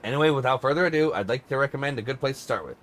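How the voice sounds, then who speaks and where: A courteous male secretary and bodyguard, read by a man in his own voice, explaining things in a formal, measured manner. He sounds like a game character voiced during a read-along. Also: mid-range voice, expressive, a bit bright, a little hiss or hum, lightly acted.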